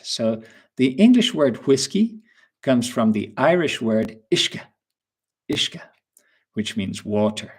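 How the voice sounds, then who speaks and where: Slow, husky male English teacher. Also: medium pitch, a little mellow. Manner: slow, patient, quizzes viewers with questions. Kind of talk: live webinar lesson.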